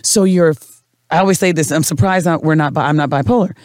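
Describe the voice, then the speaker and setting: A woman podcast host and radio personality in casual chat, animated and telling stories with quoted voices. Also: deep voice, fast, no echo, studio quality.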